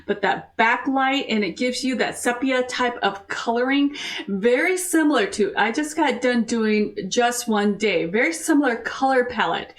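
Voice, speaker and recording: Gushing American woman reacting to a video. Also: fairly high pitch. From United States. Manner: gushing, chatty, quick asides and giggles. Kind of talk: casual reaction commentary. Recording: distant mic with faint music behind.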